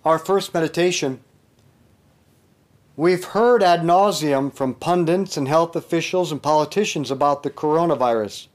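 A man reading a spiritual meditation and leading rosary prayers in a measured, earnest voice. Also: on the high side.

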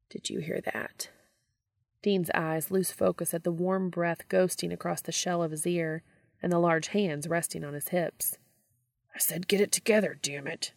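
Woman narrating a story, low gravelly voice, dry close sound, steady. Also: no echo. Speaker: fan fiction reader. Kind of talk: story reading.

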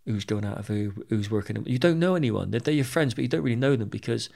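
British man, ex-army, gravelly low-edged voice, blunt candid storyteller who swears and trips over his words, interview guest. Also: lively intonation, fast, darkish tone. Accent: British English. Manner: candid and plain-spoken, swears freely, repeats words as he goes. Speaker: interview guest, former soldier.

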